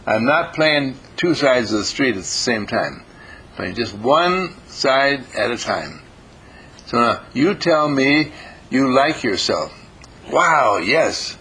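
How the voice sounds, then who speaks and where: A man's voice: medium pitch, animated, takes it slowly, pushed and bright, slightly rough, rough recording. An older man giving a folksy, informal motivational talk to a group, homespun in manner and slipping into playful quoted voices. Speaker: group teacher.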